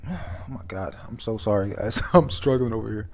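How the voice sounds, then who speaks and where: A man's voice: fairly low pitch, moderate pace, a little mellow. A man casually reading through a comic chapter aloud, chatty and stumbling over names, often laughing. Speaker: comic reader and reviewer.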